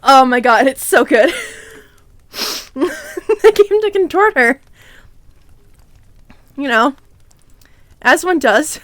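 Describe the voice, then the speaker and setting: A woman streamer reads a fanfic aloud in a deadpan way, with laughing asides. Her voice is high. The sound is dry and close, with no room echo. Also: slow, pauses often.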